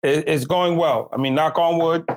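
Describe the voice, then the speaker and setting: A man answers a host's questions in an easy, relaxed way, now and then restarting a sentence. His voice sits a bit higher than most men's. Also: moderate pace. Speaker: guest. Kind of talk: casual interview over video call.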